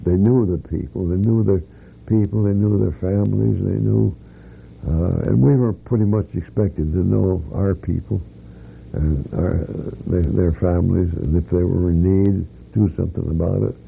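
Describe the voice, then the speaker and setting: A man's voice: low voice, fairly even intonation, moderate pace, creaky. An older man, a retired company employee, telling rambling anecdotes in an oral history interview, with many restarts and fillers. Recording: tinny phone-like band with faint hiss.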